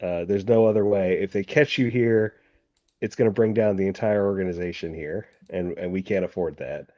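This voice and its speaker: A man voicing an exasperated, frantic male operative in a tabletop game, loud and rushed. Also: low-pitched, dry recording, dull audio, lightly acted.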